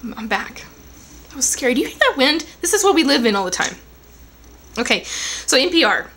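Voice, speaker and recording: A woman's voice: high-pitched, a little fast, background noise. Chatty young woman vlogging from home. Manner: chatty, rambling, animated with asides. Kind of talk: casual chat to camera. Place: living room at home.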